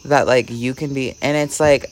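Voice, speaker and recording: A man vlogging, telling a rambling story with "like" in almost every phrase and swinging between hushed and excited delivery. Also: mid-range voice, normal speed. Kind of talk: casual storytelling vlog.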